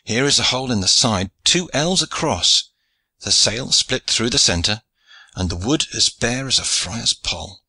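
A man's voice: medium pitch, lively intonation, a little slow, bright, forceful tone, husky, no echo, heavily acted. A man voicing a worried ship's master fretting over damage, in old-fashioned speech.

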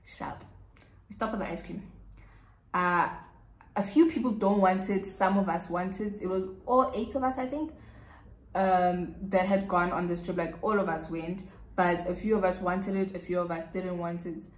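A South African YouTuber chats with her viewers through a casual storytime, repeating words for emphasis. Her voice is lowish and steady, moving at a moderate pace, and the room sounds echoey.

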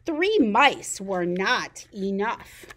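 Her voice is mid-range and she draws out her words. She's a children's librarian, animatedly singing turtle rhymes and reading picture books to babies.

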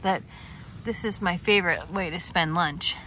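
A woman's voice: fairly low pitch, moderate pace, bright, forceful tone, slight background noise. A woman vlogging outdoors on a farm, chatting casually and cooing at her goats, with frequent laughter. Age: adult, working a day job. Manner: coos and baby-talks to goats, laughing often. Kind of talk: casual vlog narration.

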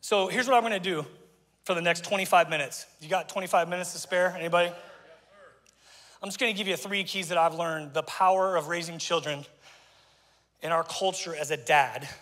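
A man preaching an energetic sermon as pastor, excitable and folksy, stumbling and repeating himself, a bit out of breath. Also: sits high, brisk, in a large hall. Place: church sanctuary.

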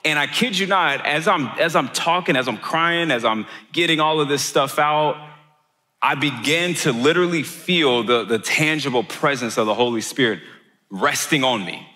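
Earnest pastor preaching in a reverberant hall. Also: male voice, a little high, normal speed, sharp tone. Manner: earnest, repeats words often, builds to emphatic peaks. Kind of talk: sermon. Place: church auditorium.

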